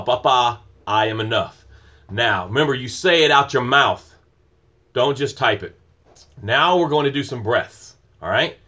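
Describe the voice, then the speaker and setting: A man's voice: mid-range voice, sharp tone. A middle-aged man hosting a motivational morning livestream, speaking in an emphatic, rhythmic preaching cadence and greeting viewers by name.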